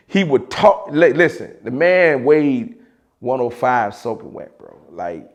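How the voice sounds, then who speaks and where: A man with a Chicago accent telling a story in a casual, animated way, with slang and loose restarts. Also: medium pitch, slow. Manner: animated, mimics voices of others in quotes, frequent laughs and slang.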